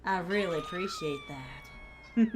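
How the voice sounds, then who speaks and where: A young woman from the American South, speaking with a Southern accent in a mid-range voice, streams a game and comments live. She's playful and teasing, calling her viewers pet names, and a little hiss or hum sits in the recording.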